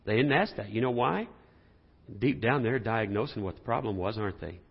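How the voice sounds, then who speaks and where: A man preaching a sermon and explaining scripture, talking in a lively way and asking the congregation rhetorical questions. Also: on the low side, a little fast, vocal fry, slightly rough. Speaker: pastor. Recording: dull sound in a reverberant hall.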